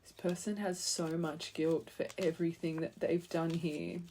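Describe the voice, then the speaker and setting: A woman's voice: fairly low pitch, steady tone, moderate pace, mellow, a little hiss or hum. A woman giving an earnest, heartfelt tarot reading, speaking straight to the viewer and rambling with fillers. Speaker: tarot reader. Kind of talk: intuitive tarot reading to camera.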